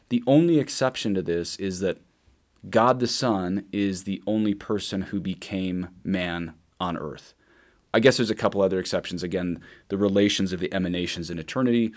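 A man teaching catechism, reading the text aloud in a measured way and breaking off for quick explanatory asides. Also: lowish voice, darkish tone.

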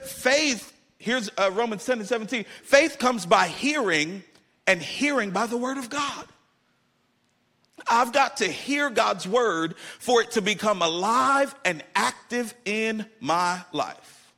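A man's voice: sits high, pushed and bright. A middle-aged man preaching a sermon as pastor, with emphatic delivery that repeats key phrases.

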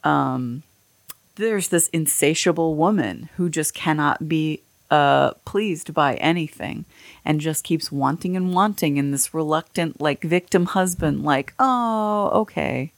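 A woman hosting a podcast who talks in a low, unhurried voice. She rambles candidly and swears freely. The sound is dry and close. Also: gravelly, no echo. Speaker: podcast host. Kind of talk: casual chat.

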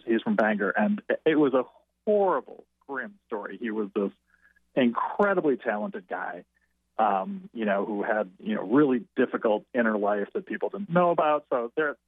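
A man guest tells a long anecdote by phone, rambling and halting, restarting his sentences often. The line is thin and tinny. The sound is completely dry. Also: mid-range voice, no echo. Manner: halting, self-correcting. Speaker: interview guest, writer. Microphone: telephone.

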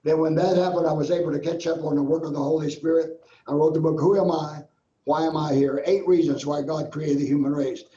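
Older preacher telling testimony, mellow, roomy. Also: male voice, a little high, steady tone, fairly quick. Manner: earnest, repetitive preacher's cadence. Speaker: guest minister. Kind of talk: personal testimony storytelling. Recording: roomy, dull lo-fi sound.

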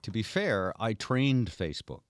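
A man hosting a radio talk show, telling stories in an animated, rambling way. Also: on the low side, moderate pace, no echo. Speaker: radio host.

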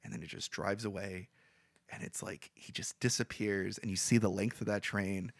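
A man co-hosting a podcast, casually retelling a movie plot in a rambling, animated way, full of fillers. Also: fairly low pitch, moderate pace, dry recording, clean studio sound. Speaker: podcast co-host.

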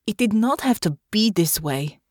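A woman's voice: medium pitch, expressive, moderate pace, darkish tone, no echo, clean studio sound, natural voice. A woman reading a story aloud, voicing a fierce young woman soldier who speaks formally, without contractions, and pleads through grief. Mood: pleading.

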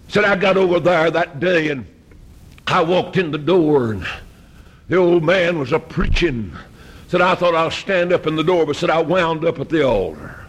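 A middle-aged man preaching a fiery storytelling sermon, moving from hushed tales to shouted exhortation. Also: a little high, expressive, moderate pace, breathy edge.

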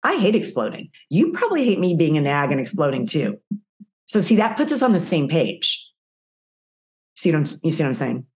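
Low-voiced woman telling a lively story. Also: moderate pace. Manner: animated storyteller, acts out quoted voices. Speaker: guest. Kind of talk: conversational storytelling interview.

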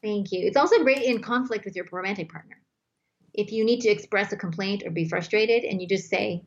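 A woman's voice: mid-range voice, a little fast. Woman giving emphatic relationship advice. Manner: flowing, emphatic, acts out scripted dialogue. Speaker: guest expert. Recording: slightly dull lo-fi sound.

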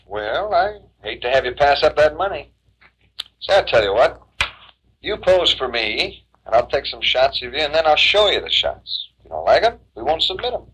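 An actor playing a sleazy, manipulative photographer in a 1960s film, with a pushy, wheedling manner. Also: male voice, fairly high pitch, very animated, normal speed, fairly bright tone, slightly rough, exaggerated voice, low-quality recording.

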